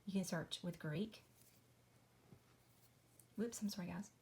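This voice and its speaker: A woman's voice: on the low side, slow pace, dark tone. Chatty woman explaining scripture. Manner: chatty, apologetic, says y'all. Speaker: Christian video host. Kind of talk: casual Bible study walkthrough. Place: home at night.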